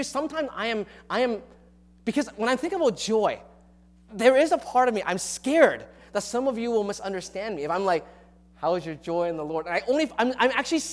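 Earnest male pastor preaching. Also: high voice. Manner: earnest, confessional, with frequent restarts. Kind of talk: sermon. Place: church.

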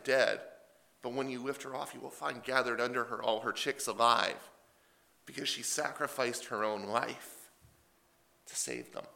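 A man preaching a sermon, retelling scripture in a casual, animated paraphrase. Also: medium pitch, gravelly.

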